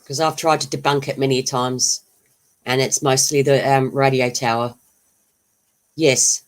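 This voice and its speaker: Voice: medium pitch, fairly even intonation, a little slow. A livestream host who chats casually, laughs often and answers viewers' comments. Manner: laughs often, chatty and rambling, answers chat.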